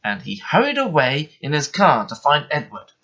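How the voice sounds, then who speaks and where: A man reading a bedtime story aloud in an expressive, measured way. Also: fairly high pitch. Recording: muffled lo-fi recording.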